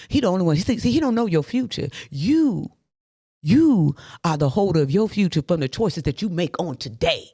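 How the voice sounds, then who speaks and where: A woman hosting a motivational faith talk, animated and preachy, speaking straight to her listeners. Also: low voice, fairly quick, husky, no room sound, studio quality. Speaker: host.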